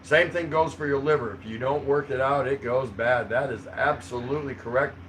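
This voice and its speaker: A man's voice: mid-range voice, moderate pace, a bit bright, a little hiss or hum, rough recording. A man hosting a livestream, reading out chat comments in a rambling, chuckling, easygoing way. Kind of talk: casual live chat. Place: home in the Philippines.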